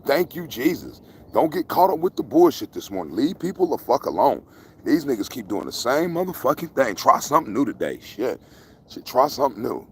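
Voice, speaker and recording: A man's voice: mid-range voice, sing-song, fairly quick, a little hiss or hum. A man casually rambling to his viewers outdoors in the country, joking and cursing freely. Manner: profane, joking, talks to viewers. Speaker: vlogger. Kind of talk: casual rambling livestream vlog.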